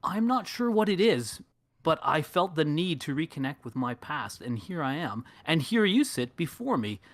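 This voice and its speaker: A player voicing a solemn young man back from years in the wilds, speaking slowly and formally. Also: medium pitch, very animated, no room sound. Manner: slow, formal, mystical.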